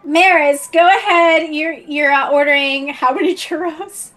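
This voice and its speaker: A woman's voice: sits high, steady tone, a little slow, noisy background. A woman narrating a tabletop role-playing game as game master, laughing often as she plays the characters.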